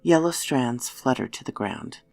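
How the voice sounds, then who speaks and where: Slow gravelly woman narrator. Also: a bass voice, lively intonation, no echo. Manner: slow, hushed, dropping to whispers. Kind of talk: scripted horror story narration. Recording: faint background music.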